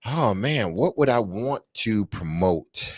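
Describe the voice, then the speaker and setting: A man co-hosting sports talk radio, telling stories in a casual, animated way and laughing often. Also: lowish voice, takes it slowly, no echo, studio quality. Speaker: sports radio co-host, former player.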